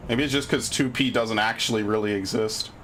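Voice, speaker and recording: A man's voice: lowish voice, fairly even intonation, fairly quick, a bit bright, slight background noise. A man live-streaming a video game, chatting casually and swearing often as he gets annoyed at the game. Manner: profane, easily annoyed, grumbling. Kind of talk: live gaming stream chat.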